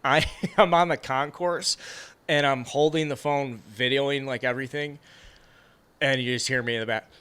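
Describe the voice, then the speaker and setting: A man co-hosting a baseball chat show, telling long rambling stories full of animated asides. His voice is bright and forceful, with a crisp, smooth resonance. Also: mid-range voice, moderate pace. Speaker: podcast co-host. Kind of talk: casual sports chat.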